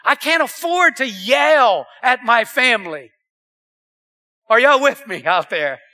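A man preaching to his congregation. His voice sits high and rings bright and forceful, and he keeps turning to the crowd with questions as he swings between loud and hushed. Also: slow pace. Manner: animated preaching with audience call-outs. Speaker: pastor. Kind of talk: sermon.

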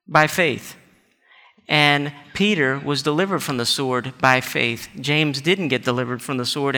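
A man's voice: on the high side, sharp tone. A male pastor preaching a sermon in an earnest way, asking the congregation rhetorical questions. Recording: reverberant hall.

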